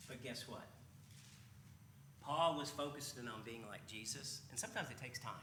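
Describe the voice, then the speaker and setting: A man's voice: medium pitch, moderate pace, long pauses, pushed and bright, roomy sound, a little hiss or hum. A man preaching a sermon in a conversational way, often asking his listeners rhetorical questions. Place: church sanctuary.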